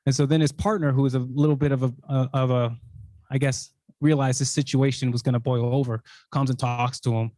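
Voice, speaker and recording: A man's voice: mid-range voice, little pitch movement, brisk, dark tone, no room sound. A man giving a talk, telling a personal story in a loose conversational way with frequent restarts and fillers. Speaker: invited speaker.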